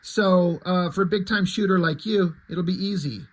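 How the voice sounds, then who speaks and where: A man's voice: high-pitched, normal speed. A man reading aloud the lines of a cool, commanding tough guy from a comic, in a dry manner. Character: tough man, cool hired gun leader.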